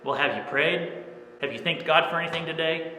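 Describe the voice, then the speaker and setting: A man's voice: on the high side, a little fast, bright, forceful tone. A man preaching a sermon as pastor, earnest and plain, often checking in with "okay?". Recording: echoey room with long reverb.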